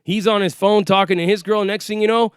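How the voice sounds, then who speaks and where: A man's voice: high voice, fairly even intonation, fairly quick, heavy background noise. A man telling a story in casual, profane first-person speech, acting out the quoted voices as he goes. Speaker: storyteller recounting an arrest.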